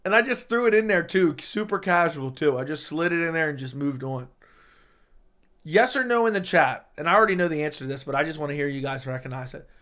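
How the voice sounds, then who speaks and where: A man hosting a casual livestream, reading viewer questions out loud and answering them in a chatty, joking way. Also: fairly high pitch, expressive, quick pace. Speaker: livestream host.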